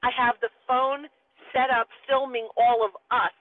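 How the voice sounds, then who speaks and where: A woman in her forties telling a story in lively casual talk, acting out the voices of the people in it, calling in from her parked car. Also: fairly high pitch, moderate pace. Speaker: guest. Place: car, pulled over. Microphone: phone call. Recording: tinny phone line.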